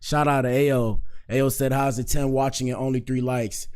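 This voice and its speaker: A man hosts a casual commentary show at a mid-range pitch, talking loosely and joking as he goes. He rambles, circles back to the viewers and keeps the mood light. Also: steady tone, brisk, a little mellow, clear, resonant tone. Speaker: host.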